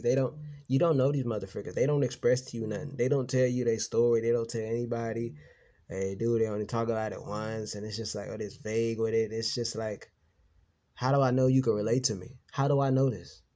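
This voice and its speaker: A man talks straight to his viewers in a loose, rambling rant, swearing freely and circling back over the same points. His voice sits low and dark. As he goes on he turns heated and emphatic. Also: steady tone, a little fast. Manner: rambling, profane, repeats himself. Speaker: vlogger. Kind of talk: casual venting monologue.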